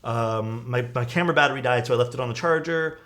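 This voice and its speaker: A man's voice: medium pitch, quick pace, fairly bright tone. A young man streaming from home, telling stories in a casual, laid-back way and swearing often.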